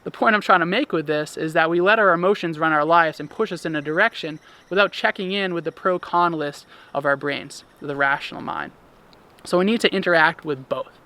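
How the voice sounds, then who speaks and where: A man speaking at a slightly raised pitch, delivering a daily lesson to his listeners. His voice has a bright, forward ring, and he explains each point calmly, stopping now and then for a filler. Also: fairly quick. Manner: calm, explanatory, with occasional fillers. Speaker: instructor.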